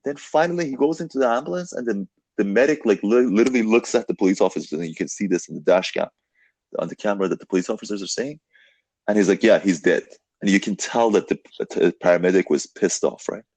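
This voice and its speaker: A young man hosting a casual podcast chat, telling a story in an animated way, full of "like" and "dude". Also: on the low side, quick pace, dry recording. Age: young adult. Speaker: podcast host.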